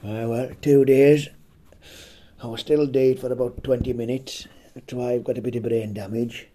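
A man with a slightly hoarse voice telling a rambling, profane comic story, chuckling and tagging his lines with "eh?". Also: medium pitch, steady tone, moderate pace, warm tone, slight background noise. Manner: foul-mouthed, rambling, chuckling, tags lines with "eh?". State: a bit hoarse. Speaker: comedic storyteller. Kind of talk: profane comedic storytelling chat.

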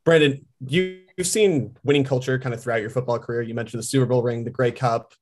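A man's voice: medium pitch, steady tone, quick pace. A man co-hosting a college sports radio show, asking a guest a long, setup-heavy question. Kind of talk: interview question.

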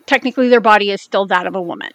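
A woman from the United States co-hosting a podcast in casual chat, blunt and swearing freely, talking in quick bursts. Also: medium pitch, no echo, muffled recording. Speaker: podcast co-host.

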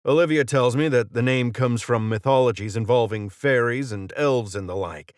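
A man reading the lines of a gruff male mercenary who talks in brusque, clipped banter. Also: mid-range voice, moderate pace, no echo, studio quality, lightly acted.

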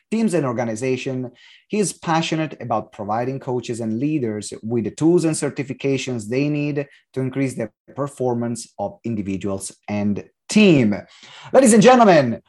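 A man with an Italian accent hosts a podcast interview in a mid-range voice. He talks in a lively, joking way, often pausing on "uh" as he goes. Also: mid-range voice. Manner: frequent "uh" fillers, lively and jokey. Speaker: podcast host. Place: London.

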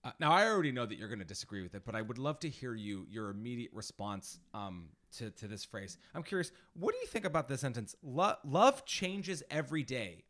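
Bright, lively man podcast co-host. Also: lowish voice, fast, few pauses. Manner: playful, teasing, with fillers and restarts. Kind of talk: casual chat.

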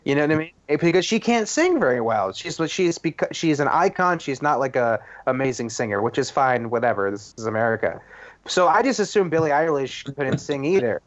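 A man co-hosting a comedy podcast over a video call, telling stories in an animated way and acting out quotes, with lots of "like.". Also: mid-range voice, a little fast. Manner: animated storytelling, acts out quotes, frequent "like". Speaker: podcast co-host. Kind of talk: casual comedic chat. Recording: dull lo-fi call audio.

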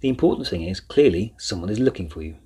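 A man voicing a kindly, hearty older professor in a storybook reading, speaking briskly. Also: low-pitched, expressive, warm tone, breathy edge, heavily acted.

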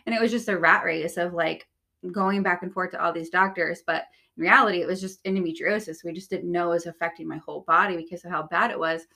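A woman's voice: on the low side, steady tone, brisk, bright, forceful tone. A woman speaking as a podcast guest, candidly recounting a personal story in casual conversation with many "like" fillers. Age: young adult or older.

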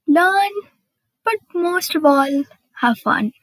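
A woman hosts her own podcast in a chatty, bubbly way, using lots of fillers and laughing a little at herself. Her high voice is animated and slow, captured in a dry, low-quality recording.

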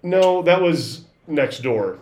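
A man's voice: on the high side, lively intonation, takes it slowly, a little mellow. A man in his forties chatting casually as a podcast host, telling long rambling stories and acting out quoted voices. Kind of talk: casual chat.

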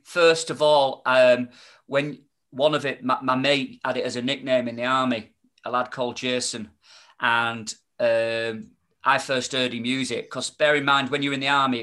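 Man, bright tone, loose rambling podcast chat, lots of restarts. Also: medium pitch. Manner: rambling, many restarts and fillers. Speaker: podcast guest, spoken-word performer.

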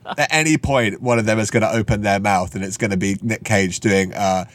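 A man co-hosting a podcast, a bit tired, chatting casually about a film with quick asides. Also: lowish voice, steady tone. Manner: laid-back, quick asides, laughs often. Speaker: podcast co-host. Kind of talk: casual film review chat.

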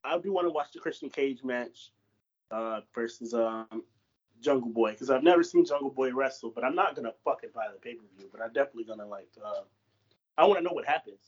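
A young man co-hosting a podcast, talking haltingly with many fillers and some swearing. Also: mid-range voice, animated, husky, dull audio. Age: young adult. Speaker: podcast co-host. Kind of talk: casual chat.

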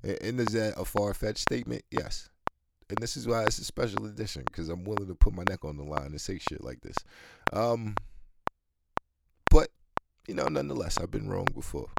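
Podcast host, male, very low voice, candid rambling monologue over loud background noise. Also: expressive, normal speed, gravelly. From United States. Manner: candid, rambling, laughs often, swears freely. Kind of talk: casual solo podcast monologue.

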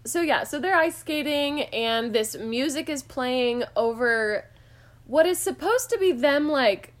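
A woman's voice: high voice, lively intonation, measured pace. Chatty woman recapping a movie, wry. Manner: chatty, wry, lots of "like" fillers. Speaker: podcast co-host recapping a movie. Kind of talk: casual chat.

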